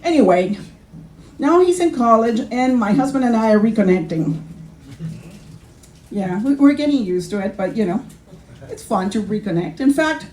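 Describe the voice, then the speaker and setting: A woman's voice: fairly high pitch, lively intonation, moderate pace, pauses often, warm tone. A middle-aged woman doing a wry, self-mocking stand-up comedy set on a club stage. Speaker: stand-up comic. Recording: echoey live club recording.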